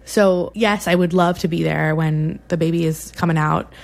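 A woman's voice: lowish voice, fairly even intonation, moderate pace, creaky, a little mellow. A woman who works as a birth photographer, speaking earnestly and conversationally in a radio interview.

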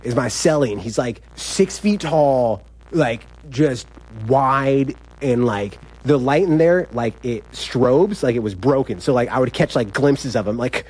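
A man's voice: medium pitch, expressive, a little slow, a little mellow. A young man telling a story in a rambling, casual way, saying "like" constantly. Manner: rambling, heavy use of "like", laughs often. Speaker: incarcerated storyteller.

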